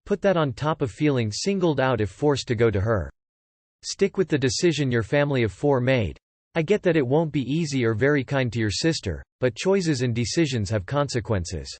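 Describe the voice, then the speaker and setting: A man reading forum posts aloud in steady, matter-of-fact scripted narration. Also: mid-range voice, normal speed, dry recording.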